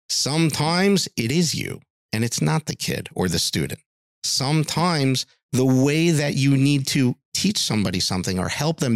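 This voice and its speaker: A man's voice: mid-range voice, vocal fry, dry recording, clean studio sound. A middle-aged man, a music teacher, telling stories in a podcast interview and acting out the voices of people he quotes.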